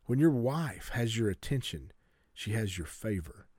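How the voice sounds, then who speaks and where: A man's voice: fairly low pitch, very animated, measured pace, darkish tone, breathy edge, no echo, clean studio sound. A man preaching a sermon to a congregation, urging them earnestly and often stumbling and restarting his sentences. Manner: earnest exhortation with stammered restarts.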